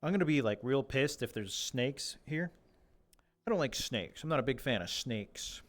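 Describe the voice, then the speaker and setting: A young man streams a game with a mid-range, expressive voice at a moderate pace, though he's slightly losing his voice. He rambles and jokes, interviewing the animals in a mock reporter voice.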